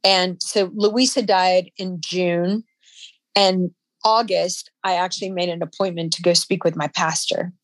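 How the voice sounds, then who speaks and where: A woman guest in an interview, telling a personal story in a halting, emotional way with frequent restarts. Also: lowish voice, fairly even intonation, dry recording.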